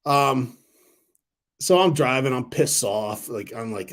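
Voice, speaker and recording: A man in his thirties hosting a casual stock talk livestream, rambling and excitable, swearing freely. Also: mid-range voice, moderate pace. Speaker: stock talk channel host.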